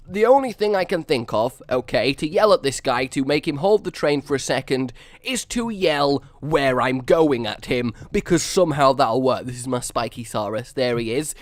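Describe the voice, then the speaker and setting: A man's voice: medium pitch, dry recording. A man hosting a gaming video, telling a rambling, self-mocking story while he builds in a game.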